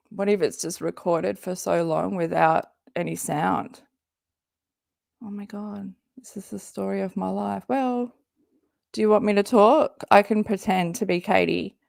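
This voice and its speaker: A woman with a mid-range, gravelly, slightly mellow voice reacts live to a stream at a measured pace. She chats loosely, rambling, swearing, laughing and cutting herself off. The recording is dry, with clean studio sound.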